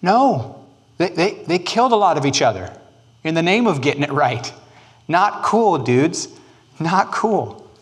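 A man, preaching a sermon on church history in an animated, joking way. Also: on the high side. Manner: animated, joking, quick asides and put-on quotes. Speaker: pastor.

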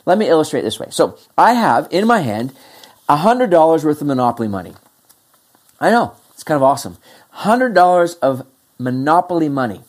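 A pastor preaching a sermon in a lively, conversational way, with a mid-pitched voice. Emphatic points rise high, then the voice drops to quiet, low asides. Between points the pastor acts out what the listeners are thinking. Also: brisk.

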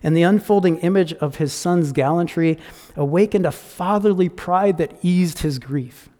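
A man telling a story in a sermon, restarting phrases often and dropping to hushed tones. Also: high-pitched, normal speed. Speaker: pastor. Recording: long reverb of a large hall.

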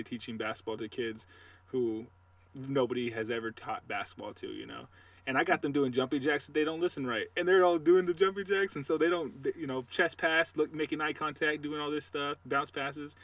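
A man co-hosting a sports podcast, chatting casually and telling animated, trash-talking stories. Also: mid-range voice, fairly quick, far from the mic. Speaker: podcast co-host.

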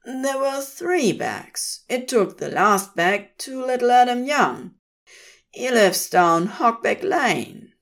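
A woman voicing a gruff, plain-spoken old Scottish shearer who uses dialect words. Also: on the high side, big pitch swings, takes it slowly, voice pushed up, heavily acted.

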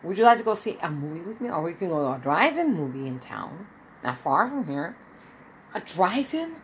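A woman's voice: big pitch swings, moderate pace, slight background noise, low-quality recording. A woman in her fifties telling a rambling personal story, acting out the people she quotes. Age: 50s. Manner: rambling, acts out quoted dialogue with shifting pitch. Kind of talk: casual spoken storytelling.

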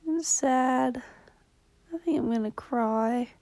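Young woman rambling in a low, gravelly voice. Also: slow pace, warm tone, dry recording. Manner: low-key, rambling, often drops to a whisper; blunt, with swearing. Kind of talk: casual confessional vlog.

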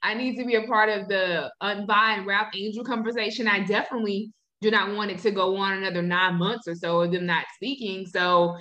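Casting: a woman podcast co-host of middle pitch, emphatic chat, roomy echo. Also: fairly even intonation, a little fast, few pauses, sharp tone, dull audio. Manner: emphatic, insistent. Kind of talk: casual chat recapping a TV episode.

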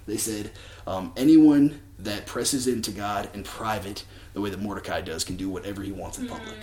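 A man's voice: mid-range voice, fairly even intonation, brisk, a little mellow, roomy sound. A man telling a story in a casual sermon, chatty, with many fillers and restarts. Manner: chatty, filler-heavy, with many likes and ums. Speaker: preacher.

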